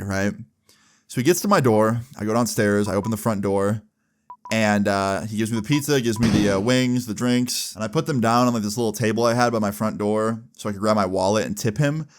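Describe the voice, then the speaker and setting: A man's voice: lowish voice, fairly quick. A man in his twenties casually telling a personal story, laid-back and rambling, full of "like" and "right?". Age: 20s. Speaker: storytime YouTuber. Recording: background music under voice.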